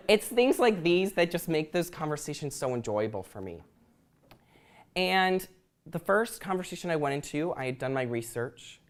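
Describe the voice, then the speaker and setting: A young man giving a prepared talk to an audience, earnest and reflective, with occasional ums. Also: mid-range voice. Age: young adult. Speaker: student speaker.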